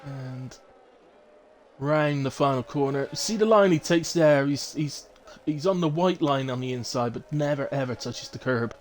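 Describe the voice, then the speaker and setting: A man's voice: mid-range voice, measured pace, slight background noise. A middle-aged man giving chatty live commentary on a sim race, with jokey asides.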